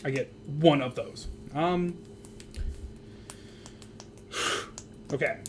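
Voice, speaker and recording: A man hosts a casual card game stream, excitable and quick to laugh and swear. His voice sits a little high. A faint hum of background noise runs under it. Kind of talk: casual gameplay chat.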